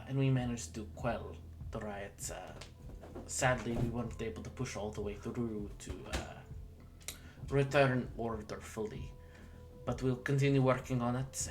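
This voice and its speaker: A game master voicing a serious male police lieutenant in a tabletop game, with a halting attempt at an Irish accent and many pauses. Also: medium pitch, close to an everyday voice. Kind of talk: voiced character in a tabletop game.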